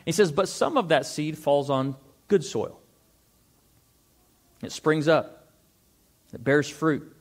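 A male pastor preaching a sermon, reading scripture aloud and asking the congregation rhetorical questions. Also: a little high. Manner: reads scripture aloud, slows for stressed words.

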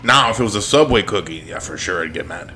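A man's voice: low voice, expressive, fast, noisy background. A young man co-hosting a podcast, telling stories and teasing in slangy casual chat. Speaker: podcast co-host.

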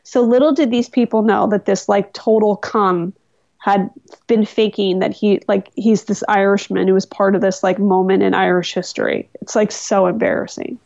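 A woman guest on a podcast, telling stories in casual conversation, animated and incredulous. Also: mid-range voice, normal speed, gravelly, no echo. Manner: animated, incredulous storyteller with laughs. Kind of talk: casual interview storytelling. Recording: dull, dry close-mic sound.

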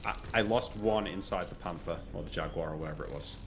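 A man's voice: deep voice, fast, slight background noise. A man playing a tabletop game over an online voice call, chatty and thinking aloud as he talks. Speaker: player. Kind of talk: casual tabletop game play.

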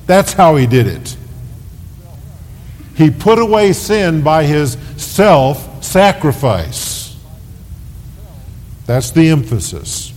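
A man preaching a sermon as pastor, slow and deliberate, leaning hard on key words. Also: a little mellow. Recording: 1990s sermon tape with long reverb and faint rumble.

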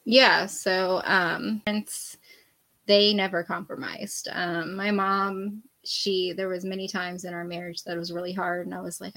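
A woman's voice: fairly low pitch, flat delivery, moderate pace, a bit bright, poor audio. Candid woman guest, laughing while talking. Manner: candid, rambling, laughs often while telling stories. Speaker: podcast guest. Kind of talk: casual faith podcast conversation.

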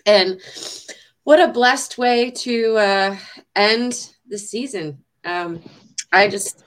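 A woman hosting a faith show, praying fervently and speaking warmly to viewers, given to repeating phrases and getting emotional. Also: medium pitch, takes it slowly. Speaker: show host. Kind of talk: heartfelt prayer and chat to viewers.

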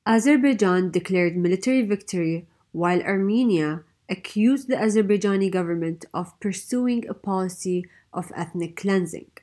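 A woman hosting a policy podcast, reading a measured, formal introduction and asking interview questions. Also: medium pitch, dark tone. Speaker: podcast host.

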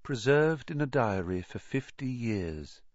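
A man reading aloud, voicing a quiet, calm and menacing teenage boy who speaks softly. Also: mid-range voice, measured pace, dry recording, muffled recording. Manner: soft, quiet, calm, smug.

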